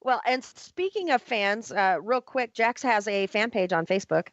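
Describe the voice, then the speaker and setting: A woman hosting a casual radio talk show, upbeat and quick to laugh. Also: medium pitch, no echo. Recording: muffled radio broadcast audio.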